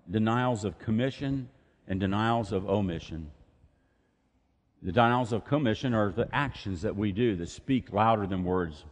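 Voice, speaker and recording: A man's voice: lowish voice, darkish tone. A man preaching a sermon in a church, speaking conversationally and asking rhetorical questions. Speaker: pastor. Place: church sanctuary. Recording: long reverb of a church hall.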